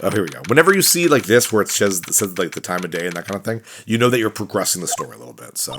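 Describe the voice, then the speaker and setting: A man's voice: low-pitched, sing-song, rapid-fire, few pauses, a bit bright, slight background noise. A man casually commenting while playing a story game, rambling and chatty. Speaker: let's play host. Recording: game music behind voice.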